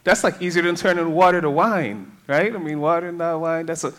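A man's voice: on the high side, a little fast, fairly bright tone. A man preaching a sermon in a conversational way, reading scripture and asking the congregation rhetorical questions.

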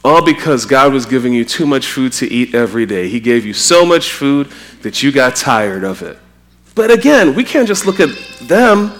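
A man from Trinidad preaching a sermon, animated and acting out quotes with a raised voice. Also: medium pitch, moderate pace, faint music behind.

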